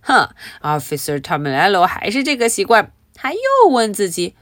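A woman's voice: mid-range voice, normal speed, few pauses, no room sound, studio quality. A woman teaching through a storybook, reading aloud and explaining it, often asking her listeners questions. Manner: expressive, asks listeners questions.

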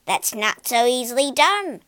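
Lady putting on a croaky crow guy, loves a good story, bouncy slow delivery, dry close sound. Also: on the high side, big pitch swings, a bit bright, no room sound. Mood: chatty. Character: croaking talkative male crow, chatty and kindly.

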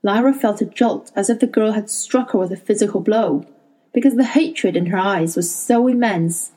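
Woman narrator, audiobook reading, warm mellow tone, measured delivery. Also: mid-range voice, poor audio. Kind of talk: reading a novel aloud.

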